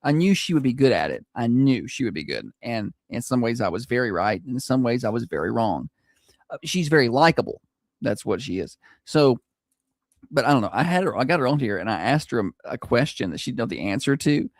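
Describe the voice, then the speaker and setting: A man's voice: medium pitch, big pitch swings, a little fast, no echo, clean studio sound. A man co-hosting a radio morning show, chatting and teasing his co-host, laughing often. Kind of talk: casual banter.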